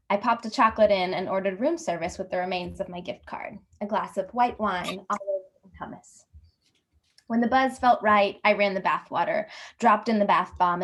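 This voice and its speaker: A woman reading her own humorous personal essay aloud at a workshop, wry and lively, voicing the people in it. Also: mid-range voice. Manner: wry, lively storytelling with put-on voices for dialogue. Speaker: workshop reader.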